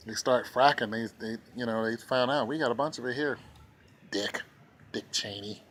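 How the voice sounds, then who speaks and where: A man's voice: mid-range voice, steady tone, fairly quick, a bit bright, a little hiss or hum. A man giving ranting commentary as a vlogger, sarcastic and indignant, repeating his points for emphasis.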